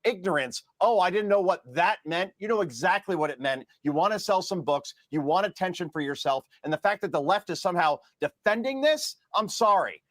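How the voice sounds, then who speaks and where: A man from New Jersey delivers emphatic, indignant commentary on a TV news segment. His voice sits fairly high, and the recording is dry and close. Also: expressive, a little fast, few pauses, fairly bright tone, no room sound. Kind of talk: emotional televised political commentary.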